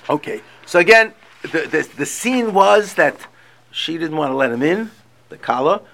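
Brief: man, text study teacher, lively singsong delivery, gravelly edge. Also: on the high side, moderate pace. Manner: animated, emphatic, reads text aloud with feeling.

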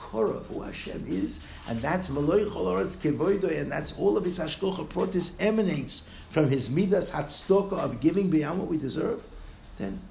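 Animated rabbi, gravelly and echoey. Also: male voice, on the high side, moderate pace. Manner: animated, rising to exclamations and trailing into soft asides, laughing at times. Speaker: rabbi giving a Torah lecture. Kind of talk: Torah lecture. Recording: echoey room with faint noise.

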